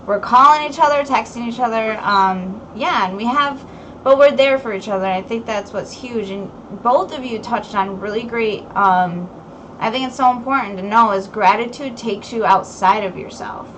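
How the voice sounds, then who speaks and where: A woman's voice: a little high, normal speed, a bit bright, a little hiss or hum, rough recording. A young adult woman hosting a casual recovery podcast, talking candidly with many fillers and some swearing. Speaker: podcast host.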